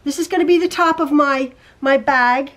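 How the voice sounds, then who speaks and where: Middle-aged woman, high voice, home quilting teacher who rambles, stammers and repeats herself. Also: moderate pace, fairly bright tone. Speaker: quilting teacher and channel host. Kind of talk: rambling casual chat and sewing tutorial. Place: home sewing room.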